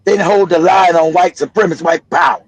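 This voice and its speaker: A male livestream host gives blunt, profane political commentary and laughs between points. His voice is notably high for a man, and the sound is dry and close. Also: quick pace, no room sound, poor audio.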